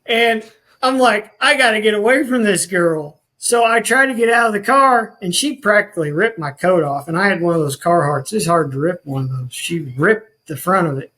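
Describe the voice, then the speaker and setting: A man's voice: high voice, moderate pace, pushed and bright, low-quality recording. A man, a podcast guest telling his life story in an earnest, rambling way with many restarts. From rural northwest Missouri.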